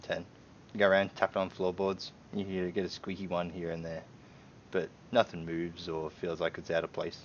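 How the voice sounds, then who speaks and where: A man's voice: low voice, completely flat delivery, normal speed, slight background noise. A man narrating a tabletop game as game master, in a loose, casual way, on a dull lo-fi stream recording.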